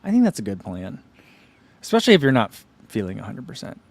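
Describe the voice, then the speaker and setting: A man's voice: lowish voice, wildly swooping pitch, quick pace, gravelly, no room sound. Rambling man on a livestream. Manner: rambling, full of "like" and "you know" fillers. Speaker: running channel host. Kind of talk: casual livestream chat answering viewer comments.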